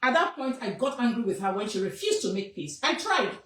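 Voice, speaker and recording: Emphatic Nigerian woman, high voice, echoey room. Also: very animated, a little fast, a bit bright, recorded from a distance. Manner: emphatic, repetitive, scolding. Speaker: activist. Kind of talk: impassioned public statement.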